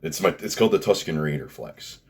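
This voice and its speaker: A man's voice: deep voice, expressive, fairly quick, gravelly, slightly rough. A man, rambling bluntly through a casual commentary vlog, swearing freely and restarting his sentences. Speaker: fitness vlogger.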